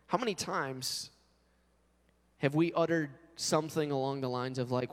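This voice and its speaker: A male pastor preaching a sermon in an animated way, acting out quotes. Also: fairly high pitch, normal speed, big-room sound.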